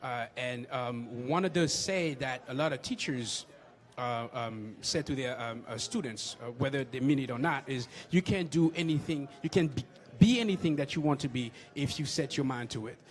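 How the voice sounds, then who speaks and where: A French-accented man, a filmmaker, answering interview questions with many pauses and fillers. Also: mid-range voice. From France. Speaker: filmmaker guest. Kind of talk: casual interview.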